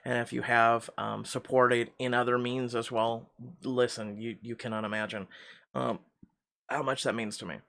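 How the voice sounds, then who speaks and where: A man's voice: mid-range voice, little pitch movement, moderate pace, vocal fry, a bit bright. A man who reads story games aloud and then talks casually, hesitant and full of fillers when off script. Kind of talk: story narration and casual outro chat.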